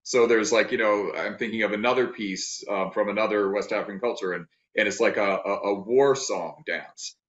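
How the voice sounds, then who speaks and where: A man giving an academic talk over a video call, thoughtful and halting, with many restarts and fillers. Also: fairly low pitch, a bit bright. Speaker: guest lecturer. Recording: roomy, dull video-call audio.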